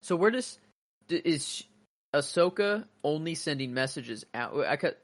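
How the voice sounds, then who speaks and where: A man's voice: fairly high pitch, lively intonation, normal speed, no room sound. A man co-hosting a podcast, rambling loosely with casual swearing. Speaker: podcast co-host. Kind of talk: casual fan chat.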